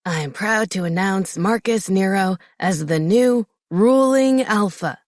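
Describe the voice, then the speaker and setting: A woman's voice: medium pitch, measured pace, a little mellow, no room sound, studio quality, natural voice. A woman voicing a proud older male pack leader giving a speech about his son. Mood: formal.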